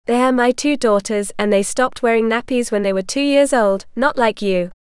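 A woman putting on a gruff, sneering matron. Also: fairly high pitch, normal speed, a little mellow, no echo, studio quality, natural voice. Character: gruff cruel middle-aged woman.

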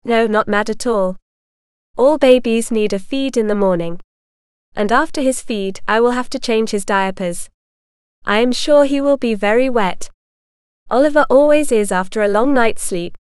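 Lady doing a calm matter-of-fact woman, smooth bright-ish voice, no fuss. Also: on the high side, moderate pace, no echo, clean studio sound, lightly acted. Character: calm, self-assured woman caring for a grown man.

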